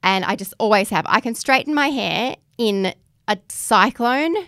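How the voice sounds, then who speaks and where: A woman's voice: medium pitch, animated, unhurried, fairly bright tone, no echo. Australian woman, 30s, podcast co-host; chatty and self-mocking, dry studio sound. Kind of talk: casual chat.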